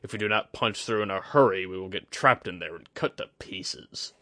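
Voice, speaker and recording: A big, gruff scout in a storybook fantasy, put on by a man reading aloud. He growls his words low and dry. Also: normal speed, sharp tone, no echo. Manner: grumbling, gruff.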